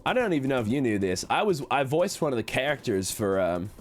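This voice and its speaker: A man streaming a game in character as a chatty cowboy con man, reading chat with folksy talk and sudden high excited jumps. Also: fast talker, a little hiss or hum.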